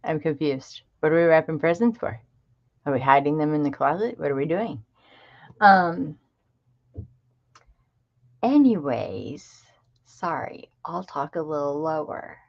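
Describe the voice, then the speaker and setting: A woman's voice: low voice, animated, a little slow, long pauses, lo-fi sound. A middle-aged woman hosting a craft livestream, chatting casually and greeting viewers by name. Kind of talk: casual live-stream chat.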